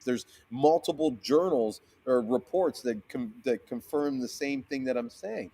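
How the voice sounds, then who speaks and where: A man in a casual interview, telling a story with lots of swearing and restarts. He acts out the other people in it with sudden jumps in pitch, from low and quiet to high and loud. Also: unhurried, breathy edge. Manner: swears freely, acts out quoted voices with sharp pitch jumps; fillers and frequent restarts. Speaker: seamoss seller, guest.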